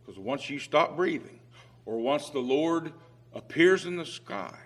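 A man preaching a sermon with emphatic swings in loudness who reads scripture aloud in old-fashioned biblical phrasing. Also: fairly high pitch, lively intonation, a little slow.

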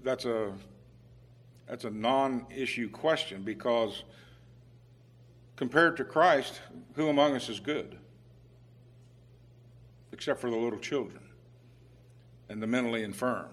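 A man preaching a sermon in a conversational way, with fillers and restarts, who rises to loud, emphatic pleading when he voices the prophet's cries. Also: mid-range voice, measured pace, pauses often.

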